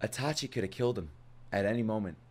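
A young man hosting a casual anime reaction video, excitable and laughing often, with plenty of swearing and exclamations. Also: on the low side, fast talker. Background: faint anime soundtrack playing.

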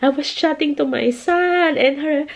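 Woman vlogger, 30s, high slow voice, emotional, breaking up, near tears. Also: creaky. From United Kingdom. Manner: tearful, emotional, halting. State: crying. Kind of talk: casual family vlog.

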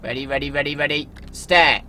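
High-voiced, excitable young man gaming. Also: fairly quick, slight background noise. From England. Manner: animated, jokey, prone to yelling. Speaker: gaming video host. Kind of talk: let's play commentary.

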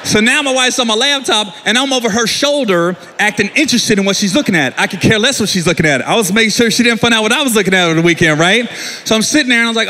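A man performing a stand-up comedy set, telling a story in an animated way and yelling his punchlines loud. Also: high-pitched, fast, long reverb tail, a little hiss or hum.

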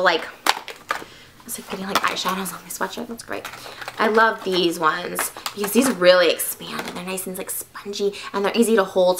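A young woman vlogging an unboxing in a bubbly, excitable, gushing way. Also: medium pitch, noisy background. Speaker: beauty vlogger. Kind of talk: casual unboxing vlog.

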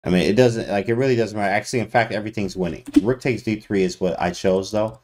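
A man streaming chess analysis to his chat in a casual, slangy way with sudden loud exclamations. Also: lowish voice, steady tone, fast. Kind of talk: casual livestream commentary.

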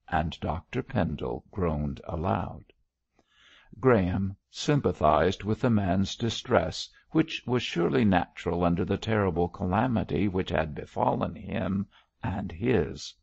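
A man narrating an audiobook of a period novel in a measured, expressive reading. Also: deep voice, vocal fry, no echo, dull audio. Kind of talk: scripted narration of a Victorian novel.

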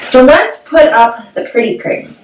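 A young woman chats through a home product review, upbeat and loose, her fillers tumbling in. Her voice sits slightly high. It bounces around a small echoey bathroom with faint background noise. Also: lively intonation, normal speed. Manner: chatty, upbeat, with frequent "um" and "like". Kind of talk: casual product review vlog. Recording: echoey bathroom, mic at a distance.

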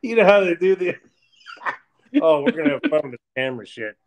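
A man hosts a casual beer podcast, his pitch swinging lively up and down as he talks. He is laid-back and joking, laughs a lot and swears freely. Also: a little fast. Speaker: podcast host. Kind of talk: casual chat over beers.

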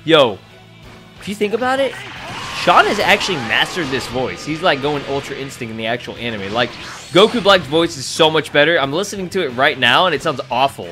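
A young man giving excitable, profanity-laced commentary over his gameplay, laughing often. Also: fairly high pitch, brisk, music in the background. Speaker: gaming YouTuber.

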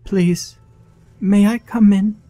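A man voicing a frightened, bloodied little girl who speaks in a soft, strangled, pleading way in a horror story reading. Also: sits high, steady tone, takes it slowly, voice pushed up.

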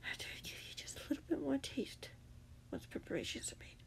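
A cruel male jailer taunts his prisoner in a low, hushed, threatening way, as a woman reading a fan story voices him. The voice is gravelly and swings widely in pitch. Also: very animated, a little fast, a little hiss or hum, exaggerated voice. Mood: menacing. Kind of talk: amateur fanfiction reading.

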